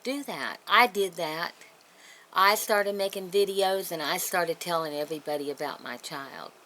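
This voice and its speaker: A woman's voice: on the low side, moderate pace, sharp tone, poor audio. A woman talking tearfully and earnestly to her viewers, consoling and encouraging them in a heartfelt personal talk. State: crying. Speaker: vlogger. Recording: noticeable background noise.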